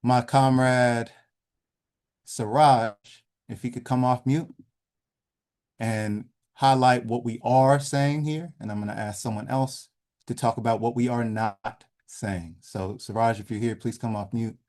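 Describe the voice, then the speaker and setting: A man giving a measured lecture over slides in an online session, trailing off softly at the ends of phrases. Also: medium pitch, steady tone. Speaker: presenter leading an online session. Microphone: video call.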